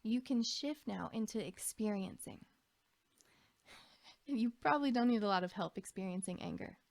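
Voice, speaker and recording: A woman leads a slow, gentle guided reflection on feelings in the body. Her voice is mellow with a gravelly edge, and she often sinks to a soft whisper. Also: medium pitch, animated, no room sound. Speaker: emotional wellness teacher.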